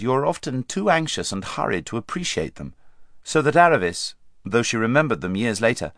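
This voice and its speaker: A man reading a storybook aloud as an audiobook narrator, measured and expressive. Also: mid-range voice, no room sound. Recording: dry close studio sound.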